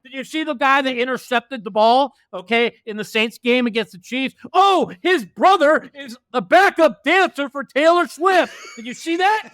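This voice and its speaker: High, bright-voiced brash man. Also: expressive, moderate pace, few pauses, no room sound, studio quality. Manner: brash, profane ranting. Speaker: guest. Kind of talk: casual podcast banter.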